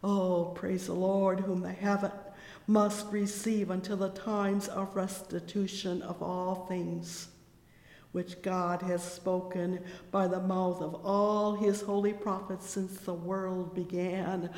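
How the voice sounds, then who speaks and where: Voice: mid-range voice, level tone, takes it slowly, darkish tone. A preacher delivering a fervent, exclamatory sermon, breaking in again and again with cries of praise. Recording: echoey hall with long reverb.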